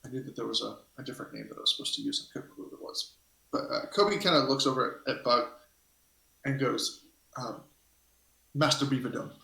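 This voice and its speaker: A man's voice: medium pitch, expressive, quick pace, vocal fry, pushed and bright. A man narrating a tabletop game as game master, rambling and hesitant as he thinks aloud. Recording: echoey room.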